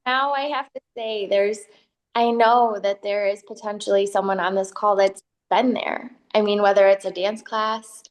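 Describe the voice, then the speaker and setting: A woman's voice: medium pitch, steady tone, moderate pace. A woman co-host asking a guest earnest, probing, reflective questions. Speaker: podcast co-host. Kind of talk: interview questions.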